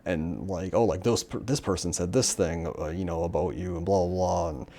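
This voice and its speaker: A man's voice: low-pitched, steady tone, normal speed, mellow. A young man casually talking through a manga plot, rambling with lots of fillers and acting out the characters' lines now and then. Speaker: manga reviewer. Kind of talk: casual solo discussion.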